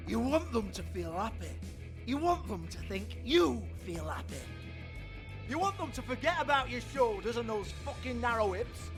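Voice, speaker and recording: Nasty club owner, super high shrill voice, cursing nonstop, loud music under it. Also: male voice. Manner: snarling, berating, cursing. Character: abusive middle-aged male club owner, foul-mouthed and bullying.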